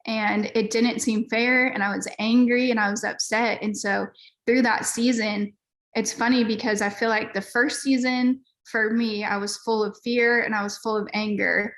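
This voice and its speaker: A woman's voice: on the high side, level tone, normal speed, fairly bright tone. A woman pastor, a guest on a podcast, telling her story in a candid, earnest, casual way with frequent fillers.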